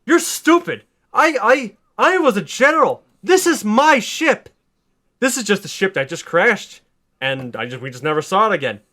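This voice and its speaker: A man voicing the arrogant alien general Zod, taunting and shouting boastful threats. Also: sits high, sing-song, moderate pace, voice pushed up, heavily acted. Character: arrogant furious alien general, male adult.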